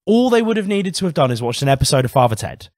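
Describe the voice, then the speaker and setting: A man's voice: fairly high pitch, sing-song, fast, a little mellow, no room sound. Podcast guy going off, swears a lot, talks kinda bookish, dry close mic. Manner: heated ranting with frequent swearing; articulate, literary turns of phrase. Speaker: podcast co-host. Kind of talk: casual podcast chat.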